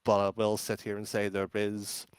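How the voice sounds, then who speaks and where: A fairly low-pitched Irish man speaks at normal speed with a completely flat delivery and clean, echo-free tone. He's an esports caster and podcast guest, bluntly chatting in a casual interview while rambling through fillers and restarts.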